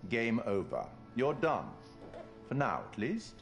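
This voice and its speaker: An actor playing a sinister male curator who narrates a game, speaking slowly and measuredly. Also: medium pitch, wildly swooping pitch, faint music behind, full character voice. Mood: knowing. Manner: slow, measured, knowing. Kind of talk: game cutscene dialogue.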